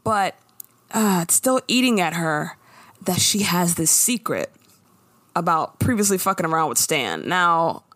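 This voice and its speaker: Animated woman recapping with lively voice. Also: fairly low pitch, unhurried, no room sound. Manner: animated storytelling, acting out characters' lines with laughs. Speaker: podcast co-host recapping a TV episode. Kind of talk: casual chat.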